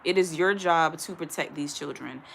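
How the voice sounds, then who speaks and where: A woman's voice: sits low, moderate pace, gravelly, fairly bright tone, a little hiss or hum. A young woman from Ohio giving blunt, emphatic commentary while reading a news article aloud to her viewers, stumbling over the text now and then. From Ohio, USA. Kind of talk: casual commentary.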